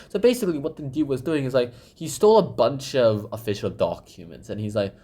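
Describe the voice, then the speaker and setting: A man's voice: medium pitch, expressive, brisk, hardly any pauses, dark tone, slight background noise. A man hosting a book summary channel, talking casually in a rambling way with lots of fillers.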